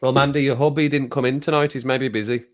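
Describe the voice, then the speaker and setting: A man's voice: medium pitch, steady tone, fast. A man hosting a casual livestream, reading out viewer comments in a rambling, jokey way and getting worked up now and then. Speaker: livestream host.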